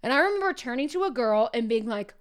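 A woman's voice: high-pitched, animated, quick pace. A woman hosting a podcast for teachers, talking casually and speaking straight to her listeners. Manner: chatty, conversational, speaks directly to listeners. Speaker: podcast host.

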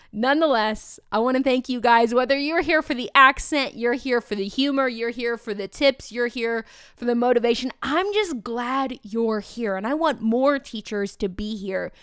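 A woman with a Midwestern American accent hosting a podcast, talking in an energetic, chatty way with playful asides to her listeners. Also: on the high side, smooth, no echo, clean studio sound. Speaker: podcast host. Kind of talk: upbeat podcast monologue.

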